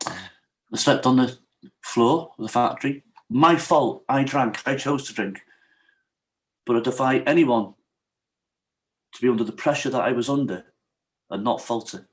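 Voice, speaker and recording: A man's voice: medium pitch, measured pace, pauses often. A middle-aged man, a podcast guest telling his own hard story frankly and with feeling, often checking in with "you know what I mean?". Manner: frank and emotional, retells what others said to him. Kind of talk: candid personal storytelling in an interview.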